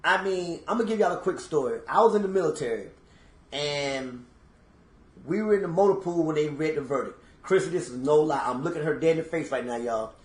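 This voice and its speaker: A man's voice: a little high, expressive, brisk, roomy sound. A man co-hosting a podcast in casual chat, telling stories emphatically and talking to listeners as y'all. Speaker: podcast co-host.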